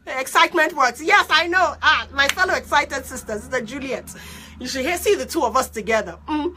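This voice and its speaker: A woman life coach with a loud, strident voice and an unusual mixed accent, telling her story in an excitable, animated way during a live stream. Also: high-pitched, normal speed, background noise. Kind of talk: live-streamed motivational talk.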